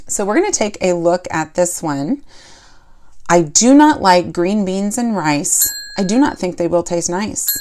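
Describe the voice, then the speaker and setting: A woman teaching a poetry lesson for children, explaining step by step and asking the class questions. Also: fairly low pitch.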